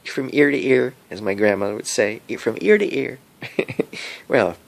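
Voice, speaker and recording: Talking to his phone camera in a loose, rambling monologue, a middle-aged vlogger keeps breaking into giggles. His medium-pitched voice is expressive with some vocal fry, and his pace is moderate.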